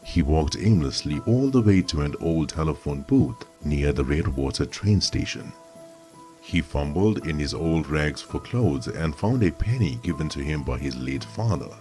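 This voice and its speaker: A man with an extremely deep voice narrates a dark fantasy horror story in a measured, dramatic way. Faint music runs under his reading. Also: expressive.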